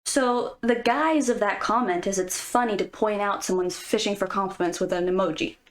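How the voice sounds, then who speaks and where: A woman's voice: mid-range voice, normal speed. A woman vlogger giving casual, playful commentary with jokes and asides. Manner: playful, jokey, conversational.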